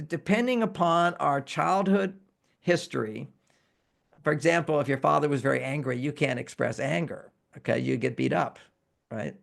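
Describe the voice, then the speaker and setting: A man's voice: fairly high pitch, creaky. A man who is a relationship expert, explaining emotions in an interview and acting out example phrases. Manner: animated, acts out example phrases in quotes.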